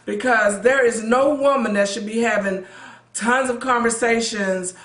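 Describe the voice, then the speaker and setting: A pastor's wife and co-host tells personal stories and talks earnestly about marriage, often repeating words. Her voice is fairly high, a bit bright and a little slow, heard in an echoey room.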